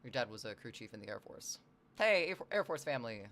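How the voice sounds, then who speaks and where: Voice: mid-range voice, sing-song, quick pace, a bit bright. A casual livestreamer from the US Northwest, talking in a mid-range voice. The talk rambles from one thought to the next, with chat messages read out along the way. The tone is loose and offhand, with casual swearing.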